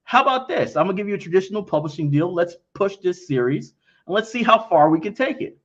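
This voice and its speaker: The audio is dull, but this man's high, fairly bright voice is quick and lively in intonation as he fields investor questions on a casual livestream. He's frank and blunt, often acting out both parts of a conversation.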